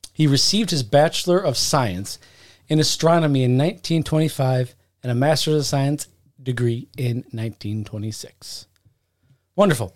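A man co-hosting a podcast, telling a story in a joking, profane, rambling way. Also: mid-range voice. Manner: profane, joking, talks to himself. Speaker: podcast co-host. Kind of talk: casual podcast chat.

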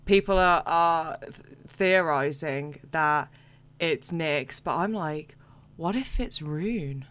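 Woman co-host, unhurried and blunt, smooth voice on the low side. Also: a bit bright. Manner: laid-back, drawn-out, blunt and sweary. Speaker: podcast co-host. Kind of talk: casual chat about books.

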